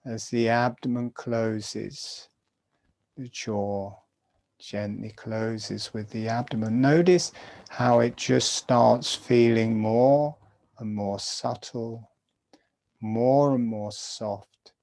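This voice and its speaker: A man slowly guiding listeners through a breathing exercise in a soft, calm voice. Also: mid-range voice, creaky. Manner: slow, soft-spoken, calm guidance. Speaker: breathwork teacher. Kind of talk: guided breathing instruction.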